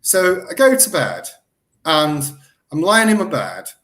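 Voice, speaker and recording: A middle-aged man telling a story as a guest in an interview, excitable and animated, often restarting his sentences. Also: on the high side, unhurried. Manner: animated, excitable retelling with lots of self-corrections. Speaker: guest researcher.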